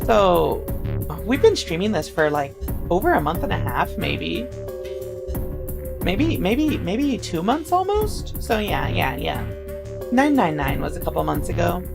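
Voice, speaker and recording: A woman's voice: mid-range voice, gravelly. A woman streaming a game, chatting casually with her viewers in a rambling, eager way, her voice a little scratchy. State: slightly scratchy voice. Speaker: VTuber streamer. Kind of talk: casual live-stream chat while playing. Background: game music.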